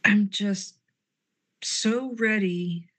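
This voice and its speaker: A woman plays her character in a tabletop role-play, switching between in-character lines and description. Her voice is bright and keen. Her banter is petulant and sarcastic. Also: medium pitch, extremely slow.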